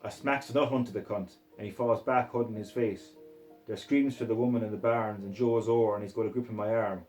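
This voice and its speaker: Low-voiced man in a put-on Scottish accent. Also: fairly even intonation, brisk, darkish tone, soft background music, low-quality recording. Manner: profane, aggressive, rough. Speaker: reader. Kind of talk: first-person narration of a crude, gritty novel.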